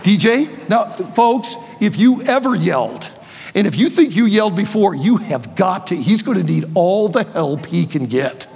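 Sixties male preacher, high husky voice, playful and shouty, long hall reverb. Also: sing-song, normal speed, soft background music. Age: 60s. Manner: playful, joking, bursts into shouts. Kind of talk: energetic youth sermon.

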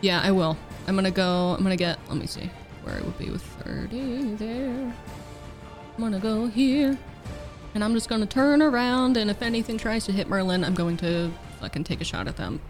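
A woman's voice: medium pitch, moderate pace, darkish tone, faint music behind. Laid-back woman thinking through her move. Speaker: player. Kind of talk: casual tabletop play.

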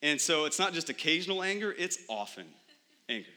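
A man's voice: a little high, big pitch swings, brisk, pushed and bright. A young adult man preaching a sermon in church, conversational, with frequent rhetorical questions to the congregation. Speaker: pastor.

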